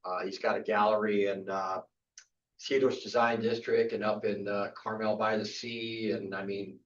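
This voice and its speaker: A man's voice: lowish voice, flat delivery, moderate pace. An older man giving a casual workshop lecture on photography, chatty and rambling with frequent restarts and fillers. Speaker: photography instructor. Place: club meeting room. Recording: distant, dull room recording.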